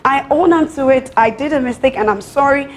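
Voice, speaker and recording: A woman's voice: sits high, brisk, slight background noise. A young Nigerian woman, a pageant contestant, defensively retelling a kitchen dispute in a reality show confessional. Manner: defensive, animated retelling with quoted exchanges.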